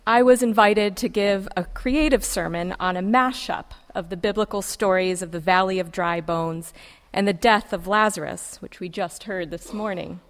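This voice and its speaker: A woman preacher giving a sermon, reciting a poem in a measured, poetic way with dramatic pauses, in a church sanctuary. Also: medium pitch. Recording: long reverb of a large hall.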